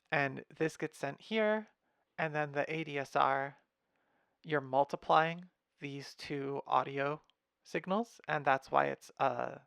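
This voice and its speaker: A young man casually walking through his music software patch, thinking aloud with fillers and wry asides, recorded at his computer. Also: fairly high pitch, vocal fry, clear, resonant tone, no room sound, clean studio sound. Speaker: music software tutorial host. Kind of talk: casual screen-share walkthrough.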